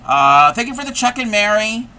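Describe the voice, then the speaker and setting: A chatty man hosts a relaxed crafting livestream, his voice pitched a little high with a very bright, cutting edge. He rambles and circles back on his thoughts, laughing often between words. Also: moderate pace, clear, resonant tone. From United States. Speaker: livestream host. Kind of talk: casual livestream chat while crocheting.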